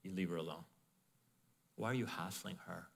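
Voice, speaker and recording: A man playing a calm, firm teacher. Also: low voice, normal speed, creaky, pitched below the performer's own voice.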